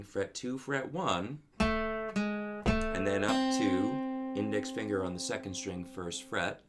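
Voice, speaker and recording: A man giving a guitar lesson in a calm, methodical way, counting beats and scatting rhythms aloud as he explains the parts. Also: lowish voice. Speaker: guitar teacher. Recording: music playing loud under the voice.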